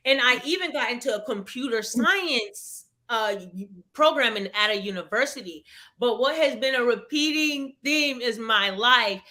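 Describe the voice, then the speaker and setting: Bright-voiced woman in her thirties telling her story. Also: fairly high pitch, animated, normal speed. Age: 30s. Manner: earnest and reflective, with frequent restarts. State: tearful at moments. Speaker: webinar guest. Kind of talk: personal story in a live webinar.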